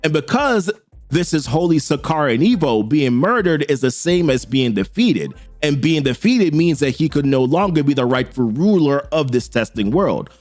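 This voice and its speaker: A solemn alien advisor explains things in a measured, slightly lowered voice, as a man reads his lines from a comic. The sound is dry and close, with faint music behind. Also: big pitch swings, a little mellow, no room sound. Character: wounded loyal male alien advisor, solemn.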